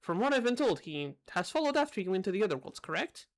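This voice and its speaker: A woman voicing a stately older male king, lowering her voice to sound like a man. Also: very animated, fast, close to an everyday voice. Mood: regal. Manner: lowered voice, trying to sound manly.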